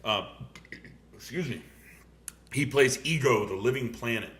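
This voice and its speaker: Young man, podcast host, bright tense voice, excitable, curses a lot. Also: medium pitch, unhurried. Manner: excitable, swears a lot, laughs often. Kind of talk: casual movie review chat.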